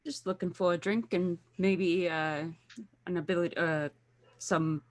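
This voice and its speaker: A woman's voice: lowish voice, fairly even intonation, unhurried. A woman playing a tabletop game, speaking in character politely and tentatively. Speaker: player.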